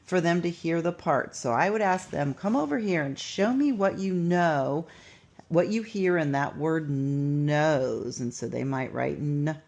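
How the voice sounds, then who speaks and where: Woman teacher, low gravelly voice, unhurried, patient instructional delivery. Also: darkish tone, dull audio. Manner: patient, step-by-step, sounds out words slowly. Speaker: teacher demonstrating a writing lesson. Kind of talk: instructional walkthrough.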